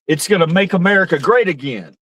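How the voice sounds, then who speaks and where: A man's voice: sits high, animated, a little fast, a bit bright, dry recording, poor audio. A man doing a mocking impression of a boastful grown man, bragging in grandiose, repetitive superlatives.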